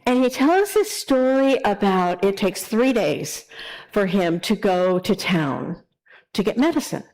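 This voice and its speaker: A woman minister giving a sermon in a conversational, animated storytelling way. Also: medium pitch, a little slow, rough recording.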